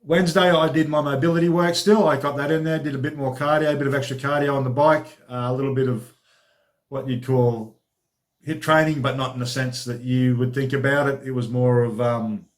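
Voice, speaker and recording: A man's voice: mid-range voice, steady tone, fairly quick. A man hosting his own training diary vlog as a personal trainer, talking in a chatty, informal, upbeat way.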